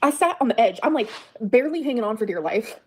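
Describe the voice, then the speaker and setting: A woman's voice: fairly high pitch, lively intonation, fast, a little mellow, slightly rough. A woman on a livestream telling a grievance in an aggrieved, defensive way, repeating herself. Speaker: streamer in a played clip. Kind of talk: emotional livestream monologue.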